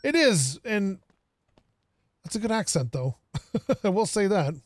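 A man's voice: high-pitched, sing-song, a little slow, a little hiss or hum. A man streaming a game, casually thinking aloud and joking with the characters on screen. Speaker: gaming streamer. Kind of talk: casual gameplay commentary.

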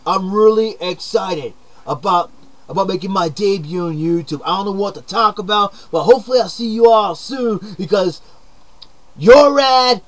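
A young man putting on a hyper, upbeat surfer-dude character with a mullet, talking to camera in an excitable, shouty comedic monologue full of slang. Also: sits high, normal speed, lightly acted. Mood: excited.

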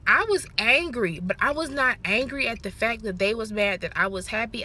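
A young woman, telling a story casually to her viewers in an animated, slangy way. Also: medium pitch. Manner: chatty, animated, slangy, talks to viewers directly. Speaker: vlogger. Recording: noisy background, traffic outdoors.

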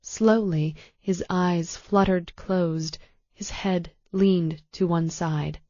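A woman narrating an audiobook in a calm, measured way. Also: fairly low pitch, dry recording, muffled recording. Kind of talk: scripted narration.

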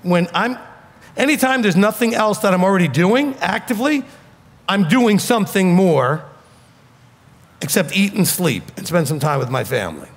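The rabbi's sermon is forceful and direct, delivered at a moderate pace with a New York accent. His high voice is expressive, rising and falling widely to hammer home his arguments, while a hall's lingering reverb surrounds it.

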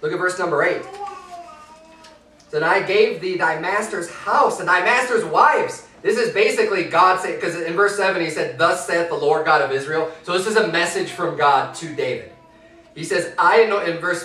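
A man preaching a sermon, reading scripture aloud and then explaining it in loose, everyday talk, rising in pitch and force when he presses a point. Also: normal speed, pushed and bright, echoey room, far from the mic, poor audio. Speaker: pastor.

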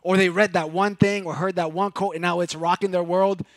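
Pastor from Puerto Rico, male, high-pitched, dry close sound, animated loud-to-hushed sermon delivery. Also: fairly quick, no room sound. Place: church sanctuary.

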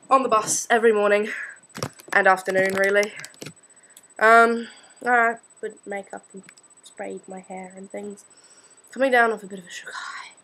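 Brief: late-teen Australian girl, slightly high voice, rambling self-mocking vlog chatter full of ums. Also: a bit bright, poor audio. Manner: chatty, scattered, self-deprecating, many fillers. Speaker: student vlogger.

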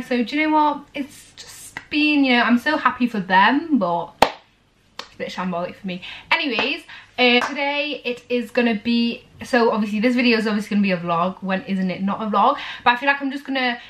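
A woman's voice: a little high, a bit bright, a little hiss or hum. A young woman, chatting casually and rambling to the camera in a vlog. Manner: rambling and chatty, with many fillers. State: tearful and emotional. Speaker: vlogger.

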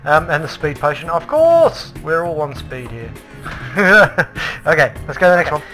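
A man casually commentating a tour of a Minecraft build, chatty and excitable, with frequent ums and restarts. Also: on the high side, normal speed, soft background music. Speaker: Minecraft let's play host.

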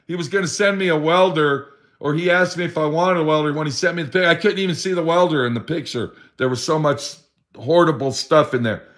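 A man's voice: fairly high pitch, a bit bright. Rambling profane man telling a sad story. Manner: profane, rambling, acts out his friend's voice in quotes. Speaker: vlogger telling a story about a friend. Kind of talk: emotional personal storytelling.

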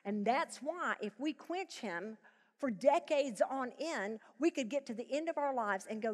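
Female Bible teacher, high register, sermon delivery that drops to a hush and then builds loud, live arena reverb. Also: expressive, measured pace. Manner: emphatic preaching, swinging from hushed to loud. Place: large live event venue.

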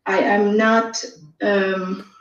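A woman's voice: medium pitch, flat delivery, very slow, dull audio. Hesitant woman on a distant, echoey call. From Saudi Arabia. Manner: hesitant, many ums and restarts. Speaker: caller on a live stream.

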